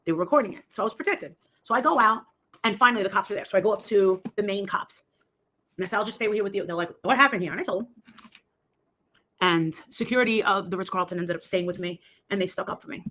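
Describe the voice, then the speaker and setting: A woman tells a long, rambling story in casual chat. She breaks into quoted voices of the people involved as she goes, with a pitch that sits in the middle for a woman. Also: fast talker, fairly bright tone. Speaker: livestream host telling a story.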